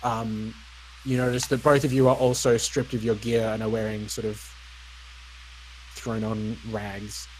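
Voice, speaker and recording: A young man narrating as dungeon master, relaxed and hesitant, with frequent ums and uhs. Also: lowish voice, a little hiss or hum, poor audio. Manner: unhurried, lots of ums and uhs. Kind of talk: narrating a tabletop game.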